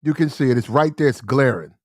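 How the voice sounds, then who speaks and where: An American commentary show host delivers blunt, slangy opinions, hammering his points home by repeating them. His voice is medium-pitched and darkish, with a brisk pace, recorded at studio quality with no room sound.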